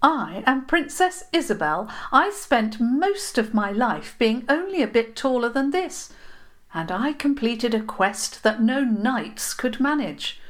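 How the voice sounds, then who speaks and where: A woman voicing a small, brave young princess girl who speaks high and eager. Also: big pitch swings, takes it slowly. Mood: proud.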